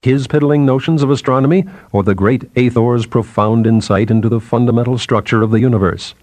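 A man reading an audiobook in a measured, expressive manner. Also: mid-range voice, no room sound. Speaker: audiobook narrator. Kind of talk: scripted narration.

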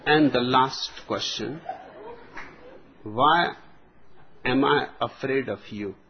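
A man giving a spiritual discourse as a teacher, speaking slowly and deliberately with long pauses. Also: medium pitch, slight background noise. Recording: dull lo-fi recording.

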